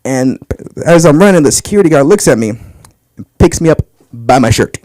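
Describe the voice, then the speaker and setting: A man's voice: medium pitch, quick pace, a little mellow, no echo, clean studio sound. A young man telling crude, brash stand-up stories about his family on a comedy club stage. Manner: brash storytelling, crude punchlines.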